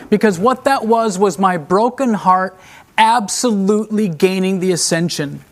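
A middle-aged man preaching a sermon as a traveling preacher, emotional and confessional, swinging between hushed and raised delivery and addressing the congregation as friends. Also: high voice, moderate pace.

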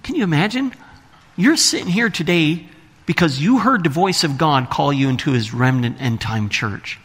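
A man's voice: a little high, normal speed, fairly bright tone, breathy edge. A man preaching a sermon to his congregation, reading scripture aloud and asking the listeners questions. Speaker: pastor. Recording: long hall reverb.

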